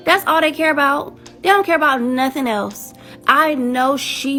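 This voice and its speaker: A woman's voice: high voice, moderate pace, pushed and bright, faint music behind. A woman ranting in sarcastic, slangy, mocking commentary. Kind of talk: casual commentary rant.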